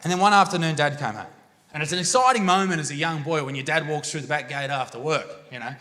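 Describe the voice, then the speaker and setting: Brash Australian stand-up comic, young, bright forceful voice, crude and profane. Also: male voice, on the high side, fast talker. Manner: crude, swearing, brash storytelling. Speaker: stand-up comedian. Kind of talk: stand-up comedy set. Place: comedy venue stage with live crowd.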